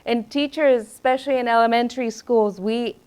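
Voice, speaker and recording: A woman who was a school principal, giving a lively talk to teachers and acting out the voices in her classroom stories. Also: on the high side, fairly quick, clear, resonant tone. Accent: Spanish. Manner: animated storyteller, acts out quotes. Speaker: former principal, literacy presenter. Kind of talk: professional development talk.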